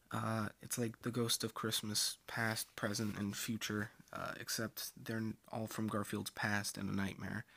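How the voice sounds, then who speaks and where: A man hosting a casual comic-strip review show, speaking in a dry, offhand way with frequent pauses. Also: lowish voice, gravelly, fairly bright tone, a little hiss or hum.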